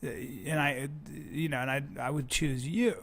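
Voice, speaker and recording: A man's voice: mid-range voice, steady tone, normal speed, a bit bright. A man hosting a podcast, teasing and mock-aggressive in comedic banter. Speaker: podcast host.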